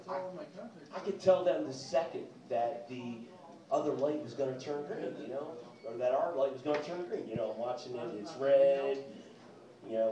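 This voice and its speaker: Man, middle-aged, stand-up comic, rambling self-deprecating stories, distant mic, audience laughter. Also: mid-range voice. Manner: rambling, self-deprecating storytelling with crude asides. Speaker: stand-up comedian. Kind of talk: stand-up routine. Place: comedy club stage. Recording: echoey club, mic heard from a distance.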